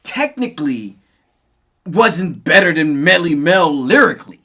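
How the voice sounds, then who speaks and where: A middle-aged man on a hip hop talk show, talking in a high, bright voice. His pitch swings widely as he rambles, restarts and laughs, often checking in with "you know what I mean". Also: sing-song, a little slow. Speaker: podcast co-host. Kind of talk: casual hip hop chat.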